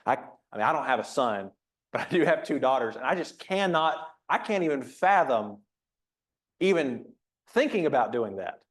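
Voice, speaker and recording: A man's voice: medium pitch, sing-song, moderate pace. A man preaching a conversational sermon in a church, reading scripture aloud and reflecting on it with frequent restarts. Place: church auditorium.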